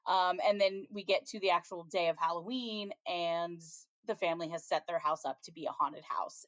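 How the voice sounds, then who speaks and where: A woman co-hosting a podcast, talking on a slightly low pitch. She recaps a TV episode in a loose, chatty way, dropping lots of ums and small laughs along the way. The sound is close and dry, with no room around her. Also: fairly bright tone, no echo. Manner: chatty, frequent ums, laughs while retelling scenes. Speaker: podcast co-host. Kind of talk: casual chat, recapping a TV episode.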